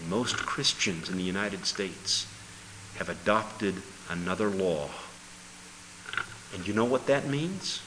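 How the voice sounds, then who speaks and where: A man preaching a sermon with emphatic delivery, dropping low and then bursting into loud exclamations. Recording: hall reverb with faint noise.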